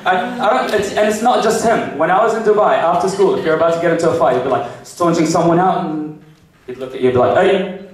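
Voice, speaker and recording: A man performing a stand-up comedy set, animated and slipping into exaggerated character voices for his jokes. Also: on the high side, quick pace, background noise. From New Zealand. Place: comedy club stage with a laughing audience. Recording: echoey club recording from far off.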